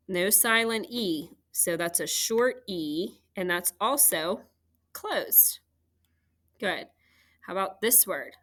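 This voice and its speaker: A woman's voice: mid-range voice, pushed and bright. A woman teacher patiently walking young students through a phonics worksheet, step by step. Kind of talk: phonics lesson walkthrough.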